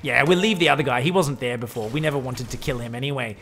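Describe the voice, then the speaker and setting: A man's voice: mid-range voice, fast talker, a bit bright, slight background noise. A man giving comedic game commentary, profane, joking and sarcastic.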